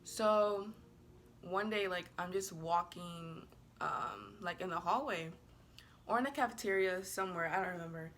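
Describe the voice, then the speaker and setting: A woman's voice: fairly low pitch, measured pace, a bit bright, slight background noise. A woman telling a casual storytime to camera in a chatty, rambling way, full of "like", giggling and bubbly. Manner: chatty and rambling, heavy use of "like"; bubbly and giggly, apologizes playfully. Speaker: vlogger.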